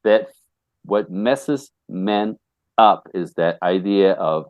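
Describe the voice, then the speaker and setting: A man's voice: deep voice, takes it slowly, darkish tone, no room sound. A man who works as a relationship coach, talking bluntly and emphatically as a podcast guest and laughing often. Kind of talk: casual interview talk.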